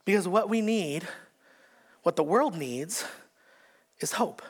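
A male pastor preaching a sermon in an emphatic style, repeating phrases and swinging between shouts and hushed lines. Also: high voice, expressive, slow, husky.

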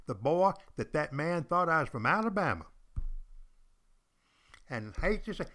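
A man's voice: mid-range voice, very animated, moderate pace, pauses often, sharp tone. An older man, hosting a podcast in a folksy, chatty storytelling monologue aimed straight at his listeners. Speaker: podcast host and retired college teacher.

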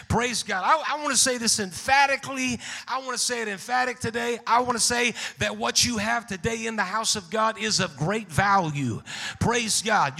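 A man preaching a sermon in a church, rising from steady teaching into fervent shouted exhortation. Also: sits high, gravelly. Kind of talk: Pentecostal-style sermon. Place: church sanctuary. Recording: long hall reverb.

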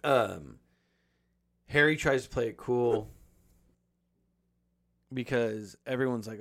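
A man's voice: lowish voice, measured pace, long pauses, no echo. Man recapping a movie, casual and profane. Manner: profane, animated storytelling with acted-out quotes.

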